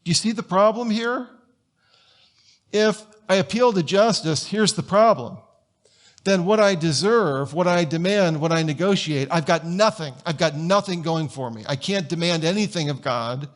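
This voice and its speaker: A man's voice: high-pitched, normal speed. A man pastor giving a conversational sermon in a church sanctuary, telling stories and firing off rhetorical questions.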